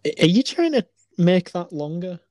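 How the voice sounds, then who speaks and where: A woman's voice: fairly low pitch, very animated, moderate pace, warm tone, no echo. A woman co-hosting a podcast, teasing her co-host in a dry manner. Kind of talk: casual chat.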